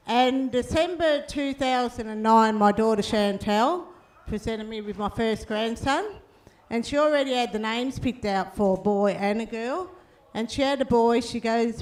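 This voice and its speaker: A woman's voice: a little high, moderate pace, a little mellow. A middle-aged woman, telling stand-up stories in a laid-back, cheeky way and tagging lines with "eh?". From Australia. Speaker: comedian. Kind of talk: stand-up storytelling.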